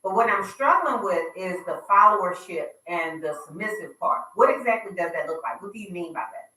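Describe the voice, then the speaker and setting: A woman co-hosting a radio talk, speaking in a measured way and asking questions. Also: on the low side, animated, bright, forceful tone. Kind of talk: casual discussion. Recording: echoey room, distant mic.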